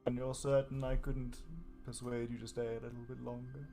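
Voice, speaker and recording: A man voicing a seductive ancient dark entity that speaks into a hero's mind in a tabletop game, slow and coaxing. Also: medium pitch, flat delivery, soft background music, close to an everyday voice.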